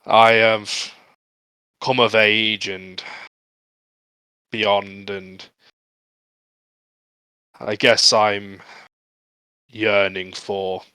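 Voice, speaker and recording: Low, slow-talking man playing an orc. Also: little pitch movement, sharp tone, clear, resonant tone, no echo, low-quality recording. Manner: halting, earnest delivery with frequent laughter. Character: earnest male orc, proud and restless. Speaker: player. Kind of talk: in-character tabletop role-play.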